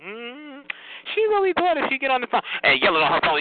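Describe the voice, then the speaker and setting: A man's voice: high-pitched, huge pitch swings, fast, phone-quality sound, heavy background noise. A man hosting a phone chat line, scolding callers in a sassy way and calling everyone honey.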